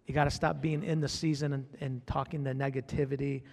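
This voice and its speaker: A man's voice: mid-range voice, flat delivery, a little fast, vocal fry, a little mellow, long reverb tail. A man preaching a sermon as pastor, fervent, repeating his phrases and calling out to the congregation.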